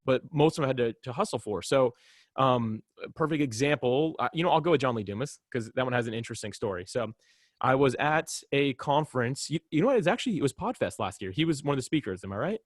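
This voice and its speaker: A man's voice: mid-range voice, expressive, fast, dry recording, clean studio sound. A man as a podcast guest, telling a story in casual talk and acting out both sides of the conversations.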